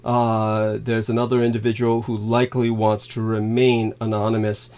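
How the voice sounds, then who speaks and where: A man hosting a livestream, rambling through thanks with many halting fillers, laughing suddenly and swearing now and then. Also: lowish voice, completely flat delivery, a little mellow. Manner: halting, filler-heavy, reads donor thanks aloud. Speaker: livestream host.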